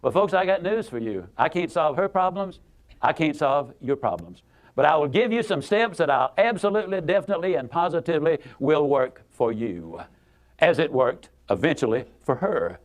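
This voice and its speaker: A man's voice: on the high side, animated, moderate pace. A man giving a motivational speech, telling a story in a folksy, emphatic way and repeating words for effect. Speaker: motivational speaker.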